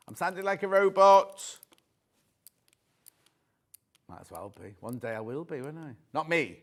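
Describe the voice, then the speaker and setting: A man's voice: fairly high pitch, big pitch swings, fairly quick, a bit bright. A man presenting on a live shopping channel, chatty and rambling with joking asides.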